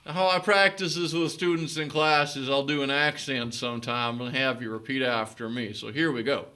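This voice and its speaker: A man teaching children the basics of the recorder, giving clear step-by-step instructions and frequent encouraging praise. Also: mid-range voice, steady tone, normal speed, hardly any pauses, bright, forceful tone. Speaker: music teacher.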